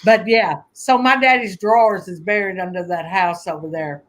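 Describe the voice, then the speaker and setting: A woman telling family stories in a casual conversation, animated and laughing often as she acts out voices. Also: medium pitch, normal speed. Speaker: guest conjure teacher.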